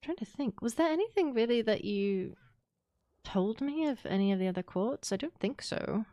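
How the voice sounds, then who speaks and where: A woman speaking in character in a roleplay, polite and formal in wording, with frequent soft laughs. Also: on the high side, lively intonation, moderate pace, no room sound, studio quality.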